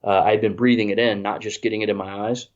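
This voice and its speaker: A man's voice: fairly low pitch, flat delivery, quick pace. A congested man telling a rambling, self-deprecating story in casual chat, full of restarts. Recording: dull lo-fi audio.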